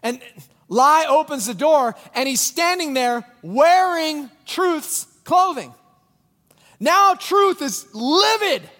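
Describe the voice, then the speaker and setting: A male pastor with a strikingly high voice preaches to his congregation, storytelling with animated bursts that fall to hushed intensity. His words ring out with a long reverb from a large church hall. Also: takes it slowly. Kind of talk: sermon.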